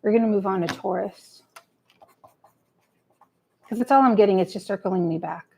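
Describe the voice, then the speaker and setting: At her home table with a cat nearby, a tarot reader does a live reading, chatting casually, muttering to herself and swearing freely as she draws cards. Her medium-pitched voice is creaky, a little mellow and slightly breathy, at a moderate pace. The recording quality is low.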